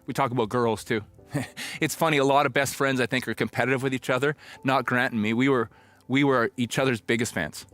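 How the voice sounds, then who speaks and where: A middle-aged pastor telling a personal story in a conversational, reflective sermon, now and then acting out old conversations. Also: male voice, medium pitch, fairly even intonation, fairly quick, a bit bright, faint music behind.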